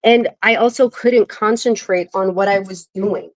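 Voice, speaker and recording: Young woman, chatty co-host, animated storyteller who acts out dialogue. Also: medium pitch, unhurried, rough recording. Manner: animated storyteller acting out quotes. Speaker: podcast co-host. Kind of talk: casual chat.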